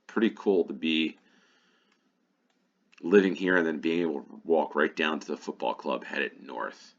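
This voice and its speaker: A man's voice: extremely low pitch, measured pace, dull audio. An American man giving casual play-along commentary on a game, musing aloud and thinking to himself. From United States. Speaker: gaming YouTuber.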